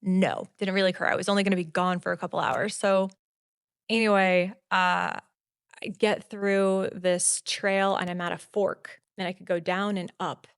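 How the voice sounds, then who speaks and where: A woman guest on a podcast telling a personal story in casual talk, animated and full of "like" fillers. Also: medium pitch, moderate pace, clear, resonant tone, no echo, studio quality. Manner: animated, acts out quotes, many "like" fillers.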